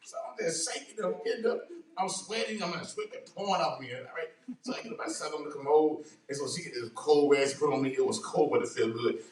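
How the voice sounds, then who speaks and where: Animated storytelling man in a roomy space. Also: a little high, fast talker. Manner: lively, dramatic retelling with laughter. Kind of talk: animated storytelling in casual chat. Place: church. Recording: roomy sound from a distant mic.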